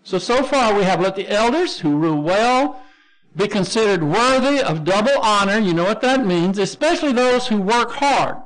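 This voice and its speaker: High-voiced Texan pastor teaching. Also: male voice, lively intonation, normal speed, fairly bright tone. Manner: explains word by word, spells out Greek terms, frequent restarts. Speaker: pastor teaching a Bible class. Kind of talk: verse-by-verse Bible lesson.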